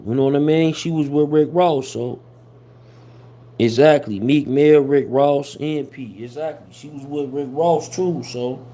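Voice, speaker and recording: A man hosts a loose livestream chat. He rambles casually, leaning on slang and fillers, with a voice of ordinary pitch. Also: a little mellow. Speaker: host of a hip-hop gossip livestream.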